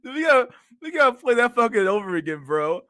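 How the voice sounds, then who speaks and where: A man's voice: very high voice, sing-song, quick pace, sharp tone, dry recording, studio quality. A man streaming casual reaction commentary on videos, with crude slang, frequent laughter, and a habit of calling his viewers dog and bro.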